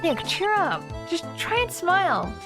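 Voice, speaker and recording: A woman reading the lines of a cheerful, excitable young female spirit medium. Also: very high-pitched, measured pace, voice pushed up, full character voice. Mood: perky. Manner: bright, bossy, excitable. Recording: game music behind.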